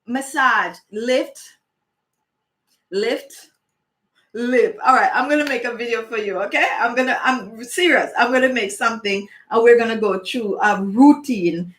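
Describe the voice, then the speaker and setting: Chatty Jamaican woman, high voice. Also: a little fast, few pauses, a bit bright, roomy sound. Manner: chatty, playful, emphatic. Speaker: beauty channel host. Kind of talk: live chat answering viewers.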